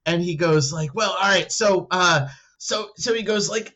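Man role-playing at a game table, rambling, laughs, lively swings in pitch, muffled recording. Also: unhurried, slightly rough. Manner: rambling and laughing, with many fillers and restarts; voices other characters with higher, animated pitch. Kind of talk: in-character role-play storytelling.

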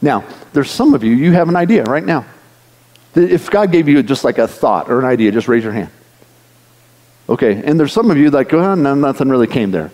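A man delivers an earnest sermon and leads his congregation through prayer. His voice sits somewhat high yet sounds mellow and warm. A long reverb from a large church hall trails behind every phrase. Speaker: pastor.

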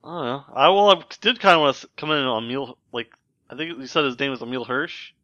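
A man's voice: medium pitch, quick pace, bright, forceful tone, no room sound, lo-fi sound. A man joining a casual movie podcast chat, laid-back and wry.

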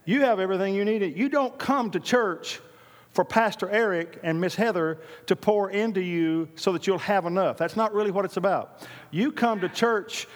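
A male pastor with a notably high voice delivers an emphatic sermon, hammering key lines through repetition and drifting into folksy stories. His voice rings out with a long reverb, as in a large church sanctuary. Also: normal speed.

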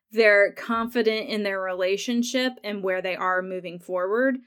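A woman hosting a podcast on her own, chatting casually through an episode recap, laughing often and acting out the characters' lines. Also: medium pitch. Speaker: podcast host.

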